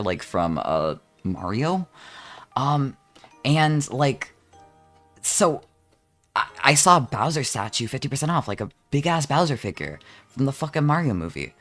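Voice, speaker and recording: A man's voice: mid-range voice, a bit bright. A young man, chatting casually on a live stream in a rambling, profane, jokey way. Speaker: vtuber streamer.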